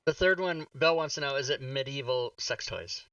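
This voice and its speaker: A man's voice: medium pitch, a little fast, sharp tone, no echo, far from the mic, muffled recording. A man hosting a casual live stream, blunt and profane, joking with his co-host. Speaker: streamer and dungeon master.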